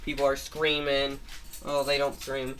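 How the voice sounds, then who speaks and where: A man's voice: medium pitch, completely flat delivery, measured pace, loud music behind the voice. A man casually retelling a monster story of his own, rambling with frequent restarts and fillers, at home with his grandmother nearby.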